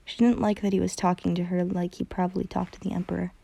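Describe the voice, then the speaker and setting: A woman narrates a fan-written story in a dark, gravelly voice. Her delivery stays flat and even. She often slips on a word and backs up to correct it, with a dry, close sound. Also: lowish voice, quick pace, dry recording. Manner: stumbles and corrects herself while reading. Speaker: fanfiction reader. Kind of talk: reading a story aloud.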